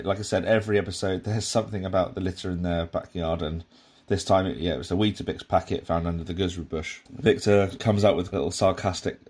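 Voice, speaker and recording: A man's voice: sits low, darkish tone. A man giving a casual, rambling commentary on a sitcom episode, with frequent restarts and asides. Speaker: podcast host reviewing a sitcom.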